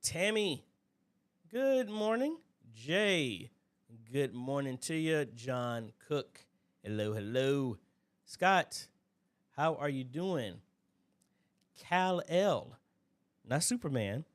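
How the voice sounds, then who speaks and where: A man hosting a casual livestream Q&A, greeting viewers by name in a relaxed, chatty way. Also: fairly high pitch. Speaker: livestream host.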